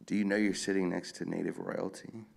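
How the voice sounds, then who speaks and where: At a live event with an audience, a male author fields questions in a casual Q&A, his voice very low and gravelly. He sounds relaxed and rambling yet brisk, telling stories packed with fillers.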